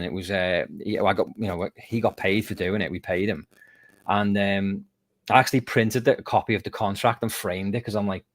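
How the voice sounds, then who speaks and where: A man's voice: fairly low pitch, no echo. A man from the UK, a guest musician telling stories in a casual interview. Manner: animated storyteller, lively and self-mocking.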